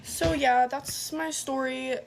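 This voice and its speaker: A woman's voice: high-pitched, steady tone, slow, gravelly, noisy background. A young woman telling a storytime to camera, rambling and unsure, full of "like". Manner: rambling, unsure, heavy use of "like".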